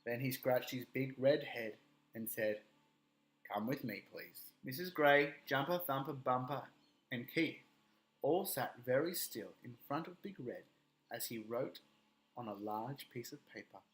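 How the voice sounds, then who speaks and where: A man reading a children's story aloud in an expressive, playful way. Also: medium pitch, measured pace.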